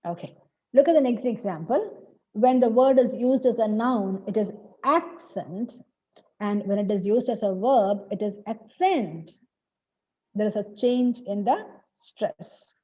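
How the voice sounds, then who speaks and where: A woman from Kerala with a Malayali English accent, giving an online English lecture and repeating each example slowly. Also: mid-range voice, dark tone. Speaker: college English teacher. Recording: lo-fi online class audio.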